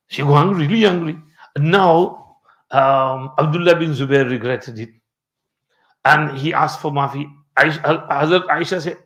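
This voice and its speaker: Brief: male religious teacher, storytelling lesson, fairly high voice. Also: moderate pace, fairly bright tone. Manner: storytelling, mixing in Urdu and Arabic terms. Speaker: Islamic teacher. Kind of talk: Quran commentary lesson.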